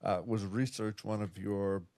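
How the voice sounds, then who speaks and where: A man hosting a podcast, mostly giving short affirmations and asking quick questions. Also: fairly low pitch, steady tone, warm tone, no echo. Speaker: podcast host. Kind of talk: interview questions and backchannel.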